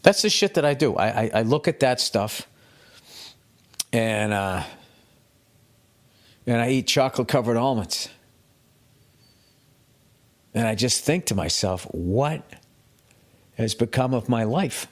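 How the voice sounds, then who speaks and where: A man's voice: mid-range voice, expressive, a little slow, long pauses. A middle-aged man hosting his podcast alone, ranting in a profane, self-mocking, comedic way. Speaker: podcast host. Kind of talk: solo comedic podcast rant.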